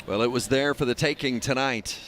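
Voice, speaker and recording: A man commentating on a race broadcast, calmly wrapping up the finish and handing off to victory lane. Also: medium pitch, fairly quick, a little hiss or hum. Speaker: race play-by-play announcer.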